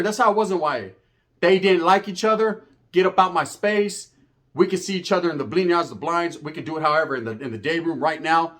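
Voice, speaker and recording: A man's voice: sits high, fairly bright tone. A man casually telling a story from his youth, full of street slang and profanity, acting out the voices of the people he quotes.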